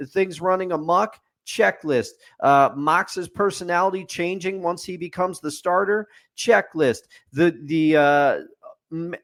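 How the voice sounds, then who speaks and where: Opinionated man with a fairly high voice. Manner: opinionated, building lists with a repeated refrain. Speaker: podcast co-host. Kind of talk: casual sports podcast chat.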